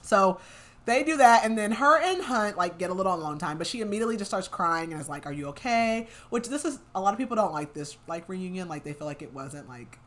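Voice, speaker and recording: A young woman co-hosting a podcast, recapping a fantasy novel in a casual, chatty way, full of "like" fillers and quick laughs. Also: mid-range voice, lively intonation. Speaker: podcast co-host.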